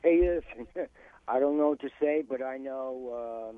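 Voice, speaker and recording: A man's voice: mid-range voice, measured pace, no room sound. Male caller with a New York accent, stumbling and eager, dry phone-line sound. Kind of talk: call-in chat. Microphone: telephone.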